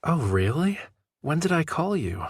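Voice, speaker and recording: An actor playing an aloof, playful male love interest in a romance game, speaking in a slow, coy, teasing way. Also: fairly high pitch, sing-song, slightly rough, dry recording, studio quality, full character voice.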